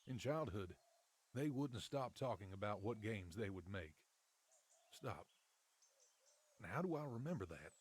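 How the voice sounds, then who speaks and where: An actor voicing a young man who dreams of making games, speaking his inner thoughts in a quiet, reflective way for a video game. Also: fairly low pitch, animated, measured pace, long pauses, breathy edge, no room sound. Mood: musing.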